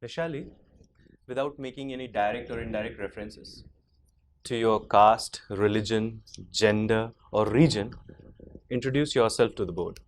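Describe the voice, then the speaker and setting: A man on an interview board asking measured, probing questions in a formal setting. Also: lowish voice, a little hiss or hum.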